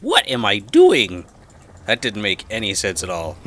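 A man casually commenting on his own gameplay, chatty and quick to yelp and laugh. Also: fairly low pitch. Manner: chatty, easily excited, yelps and laughs. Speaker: gaming channel host. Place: home room with an aquarium. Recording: noisy home recording, aquarium drip behind. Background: dripping aquarium water.

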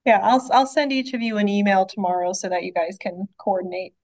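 A woman's voice: mid-range voice, level tone, a little fast, darkish tone, dry recording, rough recording. A woman, a library director, running a public board meeting in a chatty way with lots of fillers and restarts.

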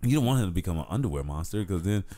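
A man's voice: deep voice, rapid-fire. A middle-aged man hosting a casual podcast chat, swearing freely and telling stories with lots of laughter. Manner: profane, laughing, animated storyteller. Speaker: podcast host.

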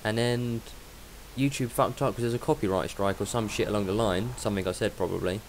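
A man's voice: fairly low pitch, fairly quick, a little hiss or hum. Crude sarcastic gamer guy. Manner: crude, sarcastic, talks back to the game. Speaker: gaming YouTuber. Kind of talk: profane joking let's-play commentary. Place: dark room at home. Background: game music and sound effects.

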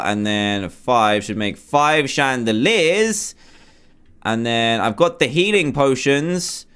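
A man in his twenties giving animated, self-mocking commentary on his Minecraft survival game, talking to himself as he plays. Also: mid-range voice, smooth. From England. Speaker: gaming YouTuber. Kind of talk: Minecraft let's play commentary.

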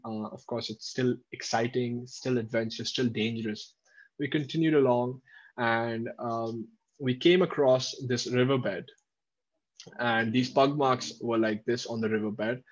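Animated man telling safari stories. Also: medium pitch. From India. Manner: animated storyteller, reacting to viewer comments. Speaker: wildlife presenter. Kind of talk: livestream storytelling. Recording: dull lo-fi livestream audio.

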